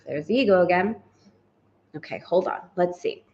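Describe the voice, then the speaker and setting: A woman's voice: fairly low pitch, lively intonation, moderate pace, highs cut off. Reflective woman leading a spiritual lesson. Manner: reflective, voices inner thoughts aloud. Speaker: spiritual teacher.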